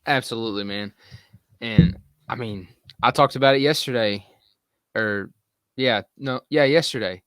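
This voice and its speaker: A man's voice: medium pitch, moderate pace, pauses often, a bit bright, clear, resonant tone, no echo, studio quality. A man co-hosting a sports podcast, talking in an earnest, rambling way. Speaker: podcast co-host. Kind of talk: casual sports chat.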